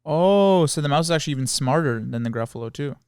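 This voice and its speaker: A man co-hosting a podcast who talks with earnest, playful enthusiasm. His voice is clear and smooth, captured close in a dry studio with no echo. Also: on the high side, fast talker. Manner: earnest, playful, easily excited. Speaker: podcast co-host. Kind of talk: casual chat.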